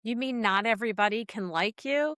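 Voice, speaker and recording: A woman's voice: on the high side, fairly quick, fairly bright tone, no room sound, clean studio sound. A middle-aged woman hosting a podcast, candid and self-deprecating, asking her guest open questions. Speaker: podcast host and life coach. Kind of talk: podcast interview conversation.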